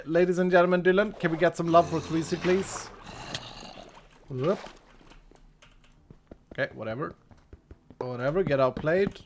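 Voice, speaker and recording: A fairly high-voiced man talks through a live gameplay stream, thinking aloud as he plays and chatting back to his viewers. His delivery is loose and conversational, with a faint hiss behind it. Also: measured pace, pauses often. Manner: chatty, thinks aloud, reads and answers chat. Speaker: streamer playing a modded block game.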